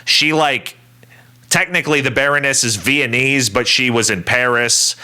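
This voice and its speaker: A man co-hosting a podcast, giving a measured, opinionated movie critique in casual chat. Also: medium pitch, bright, forceful tone, clean tone. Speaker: podcast co-host.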